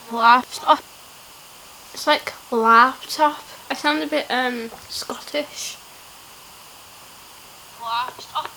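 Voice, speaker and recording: A young woman with a high, slightly bright voice films a casual challenge vlog, giggly and playful, often laughing at herself. The recording is rough, with a little hiss or hum.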